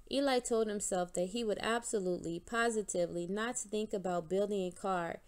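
A woman reading a children's picture book aloud with a steady, clear delivery. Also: mid-range voice, normal speed, hardly any pauses. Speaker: storybook reader.

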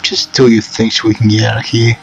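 A man voicing a sullen, hostile teenage boy in a dating game, speaking with sarcastic disgust in a gravelly voice. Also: on the low side, flat delivery, a little fast, dull audio, a little hiss or hum.

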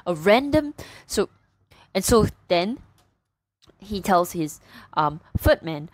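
A woman chatting casually about a book as a reviewer, retelling it in a rambling, animated way full of fillers. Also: mid-range voice, takes it slowly, long pauses, no room sound, rough recording.

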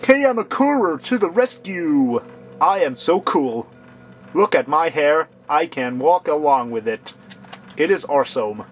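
A man's voice: fairly high pitch, lively intonation, unhurried, faint music behind. A man voicing a vain, self-admiring young male game hero in a mock-boastful, smug way. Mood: smug boasting.

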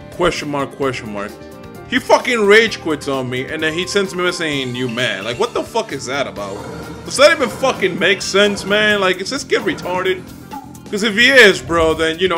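Young male gamer, swings his pitch up and down, profane trash-talk commentary. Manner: profane, trash-talking, animated reactions. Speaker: gaming commentator. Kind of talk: live gameplay commentary. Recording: loud game music behind. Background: game music.

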